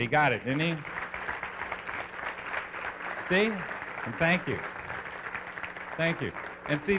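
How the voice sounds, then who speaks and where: Animated man leading a live seminar. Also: high voice, background noise. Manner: animated storyteller, coaxing the crowd with questions. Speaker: seminar speaker. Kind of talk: live seminar talk to an audience.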